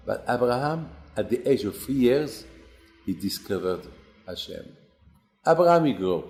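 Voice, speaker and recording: Animated storytelling man. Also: echoey room. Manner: animated storyteller, acts out quotes with rising pitch. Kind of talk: Torah class storytelling.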